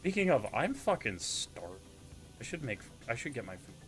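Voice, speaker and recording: A young man with a Canadian accent chatting casually while streaming a game, playful and quick to mimic accents. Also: medium pitch, big pitch swings, fairly bright tone, soft background music. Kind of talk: casual gaming chat.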